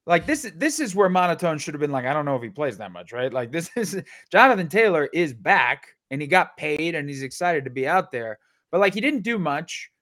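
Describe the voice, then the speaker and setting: A man's voice: on the high side, fairly bright tone. A man co-hosting a fantasy football podcast, rambling and joking as he interrupts himself. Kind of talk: casual sports chat.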